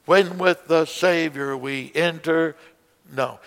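A song leading instructor with a fairly high, unhurried voice and a bright, forceful tone teaches song leaders to beat time. He explains conducting, counts aloud, and breaks into hymn lines to show the beats, so this music lesson includes singing. Long hall reverb surrounds the recording.

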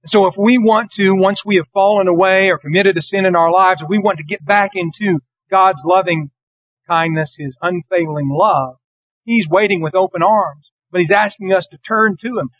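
A man preaching a morning lesson, reading scripture verses slowly and earnestly. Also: high voice, fairly bright tone, no echo, rough recording. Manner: earnest, deliberate, slows for scripture.

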